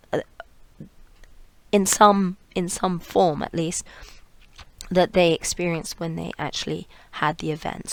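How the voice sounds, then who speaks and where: A woman's voice: on the low side, gravelly, no echo. A woman narrating a lecture over slides, explaining step by step with fillers and restarts, sometimes trailing off to a near whisper.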